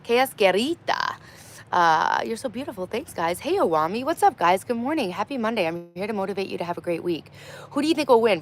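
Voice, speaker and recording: A woman in her thirties hosts a casual livestream from her garden, reading viewer comments aloud, talking bluntly and swearing freely. Her voice sits on the low side with a fairly bright tone, over slight background noise.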